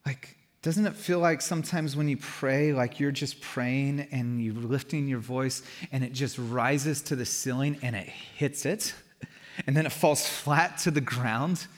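A man preaching a casual, animated sermon to a live congregation, speaking into a stage mic and joking aside as he goes. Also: mid-range voice, a little slow. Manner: conversational, animated, laughing asides. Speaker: pastor. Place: church hall with a live congregation. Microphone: stage mic through a house sound system. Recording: long hall reverb from a church.

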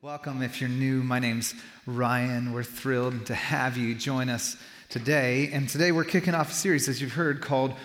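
A man preaching a casual, animated sermon to a live congregation, speaking into a stage mic and joking aside as he goes. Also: mid-range voice, normal speed, soft background music. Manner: conversational, animated, laughing asides. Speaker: pastor. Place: church hall with a live congregation. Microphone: stage mic through a house sound system. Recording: long hall reverb from a church.

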